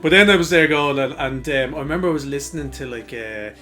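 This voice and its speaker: A man's voice: a little high, fast, sharp tone, soft background music. An Irish man co-hosting a casual podcast, telling rambling anecdotes full of fillers and swearing. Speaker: podcast co-host. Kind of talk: casual chat, storytelling.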